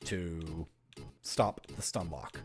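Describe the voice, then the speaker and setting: A man's voice: deep voice, very slow, soft background music. A man from Toronto, chatting and joking with his chat while playing a game, laughing often. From Toronto, Canada. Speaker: streamer. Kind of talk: casual gameplay commentary.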